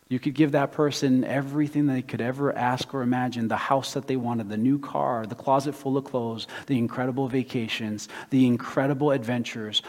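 A man preaching a sermon in a church, emphatic and rhythmic, building lists toward a point, then leading a prayer. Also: mid-range voice. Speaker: pastor. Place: church sanctuary. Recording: reverberant hall with guitar music. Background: soft guitar playing.

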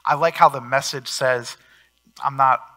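A man preaching a sermon as pastor, earnest, with swings in loudness for emphasis. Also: mid-range voice, fairly even intonation, measured pace.

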